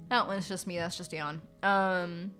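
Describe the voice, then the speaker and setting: Streaming live from her apartment, a voice actor with a lowish, fairly bright voice talks in a loose, meandering way. Fillers and profanity come often, and she sounds stuffed up.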